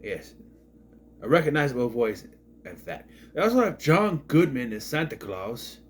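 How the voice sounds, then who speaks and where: A man's voice: medium pitch, sing-song, normal speed. A man giving a rambling, blunt and sarcastic casual movie review.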